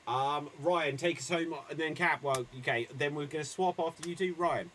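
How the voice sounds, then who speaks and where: A man hosting an improv comedy show, calling on players and delivering pun jokes with a dry pause. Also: fairly high pitch, pushed and bright, a little hiss or hum. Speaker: improv game host.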